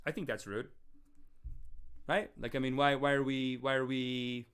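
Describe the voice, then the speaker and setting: A young man hosting a casual call-in show, rambling and animated, often restarting his sentences and acting out quotes. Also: medium pitch, unhurried, clear, resonant tone. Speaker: show host and self-styled spiritual teacher. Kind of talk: casual livestream call-in talk.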